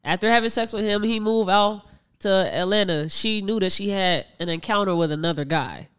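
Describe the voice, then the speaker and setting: A man hosts a casual podcast discussion and walks back through the story in a measured way. His voice is smooth and clear. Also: high voice, fairly bright tone. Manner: measured, recapping and summarizing. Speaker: podcast host.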